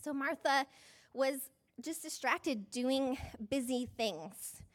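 A woman's voice: high voice, slow. A woman pastor giving a conversational sermon, chatty and self-deprecating, often saying "like" and laughing mid-sentence.

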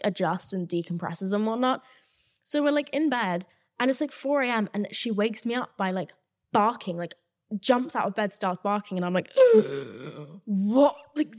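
A woman, hosting a casual solo podcast from her flat, talking fast and loosely with lots of filler and swearing. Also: medium pitch. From England. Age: 20s. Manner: chatty and animated, swears freely, many "like" fillers. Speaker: podcast host. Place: her new flat, indoors.

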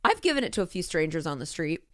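Smooth-voiced woman podcast host, swearing and laughing. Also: low-pitched, big pitch swings, fast talker, dry recording, clean studio sound. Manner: swears freely, laughs often, reads listener mail aloud. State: teary. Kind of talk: casual chat.

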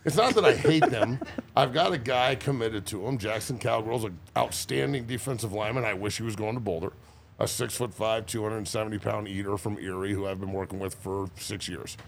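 Man, 40s, former player as podcast guest; rough gravelly voice, brash and profane. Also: lowish voice, fairly quick, slight background noise. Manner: profane, boisterous storytelling with frequent laughs. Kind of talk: casual chat.

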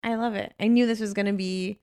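A woman's voice: mid-range voice, steady tone, brisk, darkish tone, no room sound, studio quality. A woman co-hosting a podcast, chatting casually with blunt, teasing remarks and some swearing. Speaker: podcast co-host. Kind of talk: casual chat.

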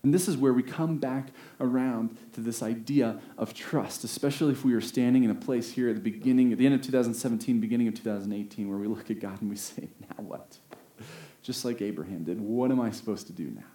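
A man preaching a sermon, earnest, rising to emphatic peaks and slowing down on key phrases. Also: mid-range voice, steady tone, mellow. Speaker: pastor. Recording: roomy echo.

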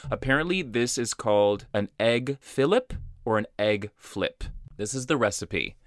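A man's voice: medium pitch, animated, a little slow, dry recording, studio quality. A young man co-hosting a podcast, chatting casually and reading out film trivia, laid-back with some swearing. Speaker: podcast co-host. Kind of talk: casual chat about films.

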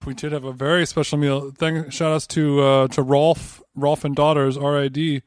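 Joking man with a higher voice, dry sound. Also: flat delivery, normal speed, no echo. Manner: joking, rambling tangents. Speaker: podcast co-host. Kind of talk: casual banter.

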